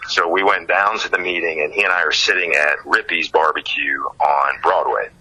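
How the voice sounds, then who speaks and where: A singer-songwriter from Ohio, telling stories as a guest in a casual interview. He is animated, chuckles often and uses many fillers. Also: low-pitched, normal speed, breathy edge, rough recording.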